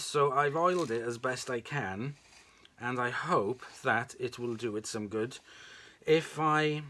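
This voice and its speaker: A middle-aged British man talks through his repair work in a relaxed, rambling workshop vlog. His voice is bright and forward. He sounds friendly and chatty, as if talking to regular viewers. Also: mid-range voice. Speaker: vacuum restoration channel host.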